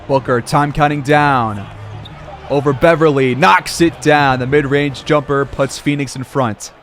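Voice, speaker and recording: A man's voice: mid-range voice, steady tone, measured pace, faint music behind. A man calling a simulated basketball game play-by-play like a sportscaster, with casual asides. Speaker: gaming video creator.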